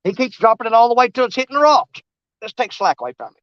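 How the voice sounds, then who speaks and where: An extremely high-pitched man with big pitch swings talks quickly in a slightly bright voice, captured in dull audio with a little hiss or hum. He's hosting a casual fishing livestream outdoors by a river, rambling to viewers and taunting the fish.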